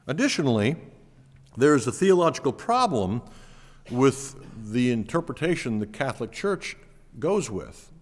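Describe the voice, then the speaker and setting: Preaching a teaching sermon, this male pastor speaks with earnest emphasis, letting his pitch swing up and down to highlight what matters. His words echo with the long reverb of a big church hall.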